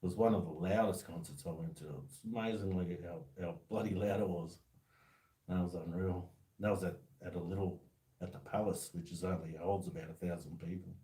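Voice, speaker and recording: Deep-voiced Australian man, distant and echoey. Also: steady tone, fairly quick, warm tone. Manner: easygoing, laughs often. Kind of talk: casual chat.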